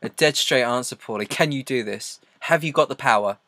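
A man's voice: mid-range voice, a little fast, sharp tone, no room sound. A man hosting a small indie radio show, chatting with his guest in a teasing, playful way. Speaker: radio host. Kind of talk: casual radio interview chat.

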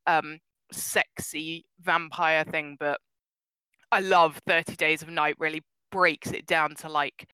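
A woman chatting casually as a podcast co-host, animated and laughing often, her voice jumping up when she gets excited. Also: deep voice, slow pace, clean tone, dry recording, low-quality recording. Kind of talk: casual chat.

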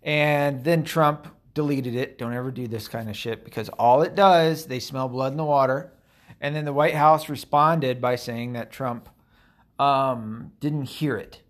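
Male commentator, mid-pitched, sarcastic and foul-mouthed, loose rambling delivery. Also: measured pace. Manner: profane, sarcastic, rambling with many fillers. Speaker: political commentator. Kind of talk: casual ranting commentary.

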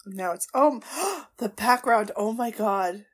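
A woman podcast host gushing through a casual watchalong, with excitable reactions, gasps and exclamations, and tearful at times. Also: mid-range voice, slow pace.

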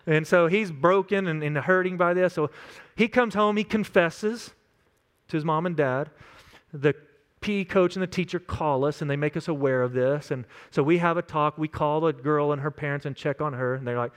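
Earnest Texan pastor telling stories. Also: male voice, on the high side, normal speed, fairly bright tone, clean tone. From West Texas. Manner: storytelling, conversational, earnest. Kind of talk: sermon.

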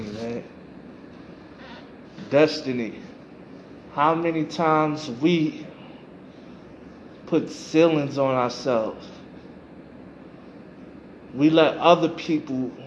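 A man's voice: fairly high pitch, dull audio, slight background noise. A man hosting a podcast, giving a reflective motivational monologue and repeating phrases for emphasis. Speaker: podcast host.

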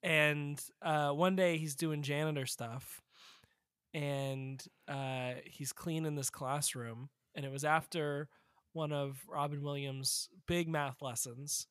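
Bright-voiced man joking through a summary. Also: fairly high pitch, steady tone, takes it slowly, clear, resonant tone, no echo, studio quality. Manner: rambling joking plot summary. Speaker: podcast co-host. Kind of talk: casual chat.

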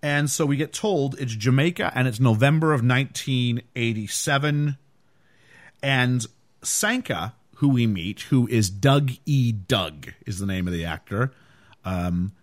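A man's voice: medium pitch, measured pace. A man hosting a podcast, chatting casually and animatedly about a film, with frequent fillers. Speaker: podcast host.

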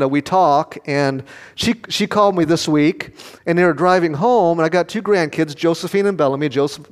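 An older male pastor preaches in a folksy, storytelling way, tossing questions out to the congregation. His voice sits a touch higher than most men's. It rings out with the long reverb of a large church hall. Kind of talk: sermon.

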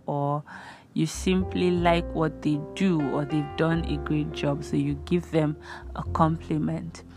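A young Nigerian woman gives friendly life advice in a relaxed, chatty way, her speaking voice sitting a bit on the low side. She talks earnestly and often slips into little acted-out exchanges. Soft music plays faintly underneath. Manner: chatty, earnest, acts out little dialogues in a higher voice. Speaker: host. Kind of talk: casual advice talk.

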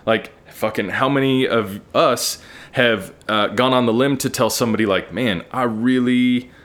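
A man's voice: mid-range voice, normal speed, fairly bright tone. A man hosting a solo podcast, talking through his thoughts in an earnest, candid way and swearing casually. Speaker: podcast host. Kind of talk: solo reflective monologue.

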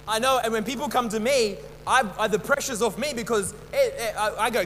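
A young man preaching a sermon as a pastor, halting and full of restarts and repeated words. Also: very high voice, a bit bright. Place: church hall. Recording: long church reverb, faint hum.

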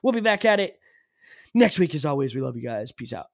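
A man co-hosting a podcast talks in a loose, rambling way, full of fillers and jokes. His voice sits a little high for a man. The recording is dry and close, with no room sound. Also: sing-song, brisk, creaky, no echo. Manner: rambling, filler-heavy, joking. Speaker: podcast co-host. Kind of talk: casual chat.

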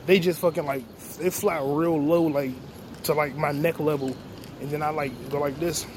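High-voiced rambling man on a noisy street. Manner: rambling, profane, joking to himself. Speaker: podcast host. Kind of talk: casual vlog monologue. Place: outdoors on a city street. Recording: outdoor street noise. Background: street traffic noise.

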